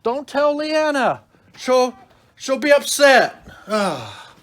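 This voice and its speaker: Exasperated mom vlogger, lively voice. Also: female voice, high-pitched, slow pace. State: out of breath. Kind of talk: family vlog, talking to camera.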